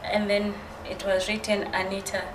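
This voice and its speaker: A woman's voice: mid-range voice, monotone, normal speed. A woman guest earnestly telling her story in casual conversation. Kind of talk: casual chat. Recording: roomy with background noise.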